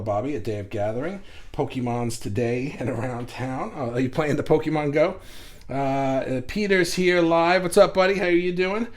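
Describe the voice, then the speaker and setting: A man hosting a casual livestream, talking loudly and with energy about acceptance and greeting viewers by reading their comments aloud, speaking into a desk mic set well back from him. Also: fairly high pitch. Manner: loud, animated, reads viewer comments aloud. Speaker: livestream host. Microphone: desk mic kept at a distance without pop shield.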